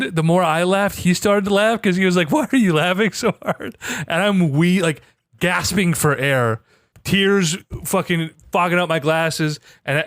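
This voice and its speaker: A man's voice: high voice, no echo, studio quality. A man co-hosting a casual gaming podcast, telling stories with lots of energy and frequent swearing. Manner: animated storyteller, swears freely. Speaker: podcast co-host.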